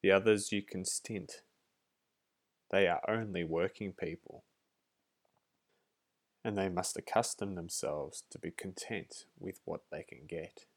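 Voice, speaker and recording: A man's voice: sits low, takes it slowly, pauses often, heavily acted. A man voicing an imperious, haughty queen bee in a storybook reading.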